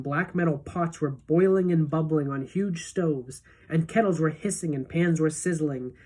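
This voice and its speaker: A woman's voice: deep voice, darkish tone, slightly rough. Woman reading a storybook aloud. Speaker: teacher. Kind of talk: reading a children's novel aloud.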